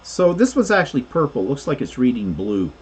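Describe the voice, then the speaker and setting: A man's voice: medium pitch, sing-song, brisk, a little mellow, slightly rough. A man co-hosting a casual crafting livestream, rambling through explanations of his 3D printing projects with plenty of fillers.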